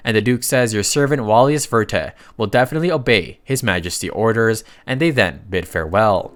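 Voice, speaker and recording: A man's voice: mid-range voice, a bit bright. Male recap narrator, chatty and casual, throws in asides, light music bed. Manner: chatty, reads quoted lines in his own voice with asides.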